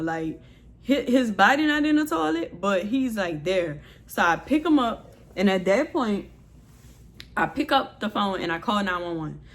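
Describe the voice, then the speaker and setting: New woman telling her story. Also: medium pitch. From New Orleans, USA. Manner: candid, expressive retelling, heavy use of "like". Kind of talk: storytime vlog.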